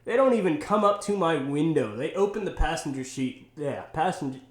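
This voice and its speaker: A young man guest telling a story in a lively, profane way, his voice sitting a touch high and laughing often. The room around him rings with a roomy echo. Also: brisk. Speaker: podcast guest. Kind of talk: casual storytelling.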